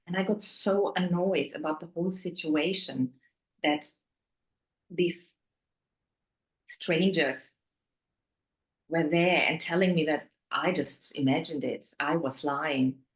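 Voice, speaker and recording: Candid woman, hushed emotional storytelling. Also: low-pitched, steady tone, slow, pauses often, low-quality recording. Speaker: guest. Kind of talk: personal storytelling in an interview.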